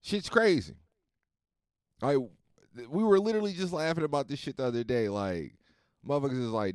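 Animated, profane man telling a story. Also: mid-range voice, normal speed, long pauses, clear, resonant tone, no echo, studio quality. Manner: animated, profane, swings loud and soft. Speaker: podcast host. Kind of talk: casual storytelling monologue.

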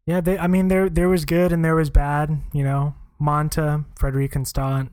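An easygoing man co-hosting a podcast, pausing often with fillers as he talks. His voice sits slightly high for a man, and it sounds dry and close with no room echo. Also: little pitch movement, darkish tone, smooth. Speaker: podcast co-host. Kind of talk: casual chat.

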